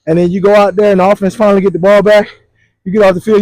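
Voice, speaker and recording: A man co-hosting casual sports talk, animated and slangy, telling it like a story. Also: high-pitched, rapid-fire, dry recording, poor audio. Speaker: sports podcast co-host.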